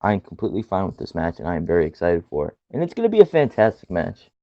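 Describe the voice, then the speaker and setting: Very deep-voiced man, excitable fan chatter. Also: quick pace, no echo. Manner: excitable, gushing fan talk. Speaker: podcast co-host. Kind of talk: casual chat. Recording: dull lo-fi sound.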